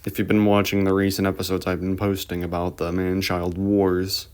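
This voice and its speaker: Deep, flat-voiced man giving commentary. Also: moderate pace, smooth. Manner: rambling, offhand remarks. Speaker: reaction video host. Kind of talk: casual commentary voice-over.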